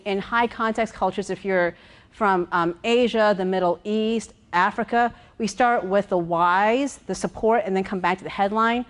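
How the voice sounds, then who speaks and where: A woman executive coach giving a lively workshop talk, walking around as she speaks, repeating words and checking in with her listeners. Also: medium pitch. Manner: walks around while speaking.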